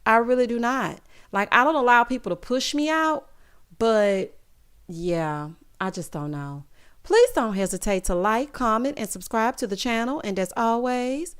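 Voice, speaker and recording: Sassy, lively woman recapping reality TV. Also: on the high side, moderate pace, clean tone. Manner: sassy, animated, calls viewers honey and child. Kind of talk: casual recap commentary.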